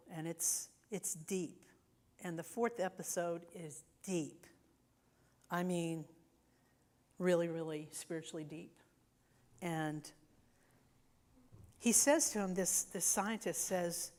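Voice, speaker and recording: A woman minister giving a sermon in a conversational way, often checking in with the congregation. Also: fairly low pitch. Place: church sanctuary.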